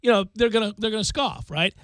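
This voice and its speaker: A man hosting a sports talk radio show, ranting in an animated way and acting out imagined speeches. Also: high voice, no room sound. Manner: animated, fast, acts out hypothetical speeches.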